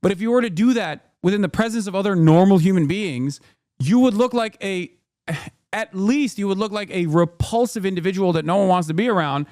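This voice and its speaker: A male streamer ranting through casual reaction commentary, animated and profane, rambling as he goes. His voice sits fairly high and is recorded close and dry, with no room around it. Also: a little fast, no room sound. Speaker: streamer host.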